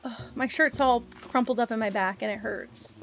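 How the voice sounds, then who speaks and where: A woman's voice: a little high, normal speed, fairly bright tone. A woman streaming a video game, chatting casually and rambling to her viewers. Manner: chatty, rambling, talks to chat. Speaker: live streamer. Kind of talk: casual live-stream chat while gaming.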